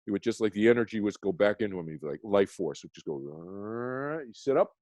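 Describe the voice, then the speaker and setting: A man's voice: on the low side, racing, a little mellow, no echo. A man talking as a guest, explaining earnestly with frequent restarts and checking in with "okay?". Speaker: guest, meditation teacher.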